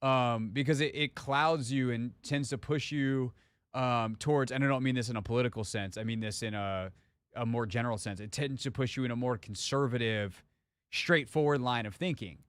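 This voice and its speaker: A man's voice: mid-range voice, a bit bright, no echo. A man hosting a sports radio show, talking in a loose, rambling, joking way. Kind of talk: casual talk radio banter. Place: radio studio.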